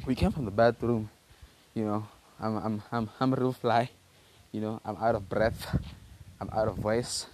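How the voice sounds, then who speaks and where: A man's voice: fairly low pitch, a little mellow, a little hiss or hum. A teenage man from Africa, telling a loose, slangy story on his own podcast, full of restarts and repeated words. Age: teens. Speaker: podcast host.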